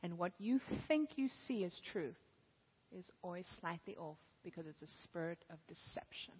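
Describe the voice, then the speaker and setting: A woman preacher voicing God as a calm, firm male divine voice, speaking quietly and measuredly in an echoey hall. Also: mid-range voice, normal speed, husky, dull audio. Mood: solemn.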